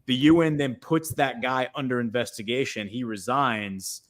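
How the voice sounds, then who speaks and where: A man's voice: medium pitch, steady tone, moderate pace. A man talking on a political livestream as a guest commentator, rambling with frequent restarts and fillers.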